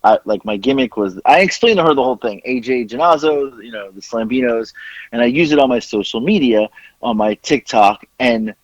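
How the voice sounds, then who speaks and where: A man's voice: medium pitch, brisk, no room sound. A man hosting a podcast, telling a story with lots of swearing and acting out both sides of a phone call. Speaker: podcast host.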